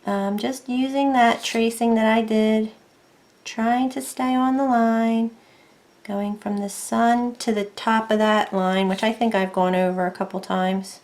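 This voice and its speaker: A woman's voice: on the high side, steady tone, unhurried, darkish tone. A woman narrating a casual craft tutorial from her desk at home, chatty and self-deprecating, thinking aloud as she works.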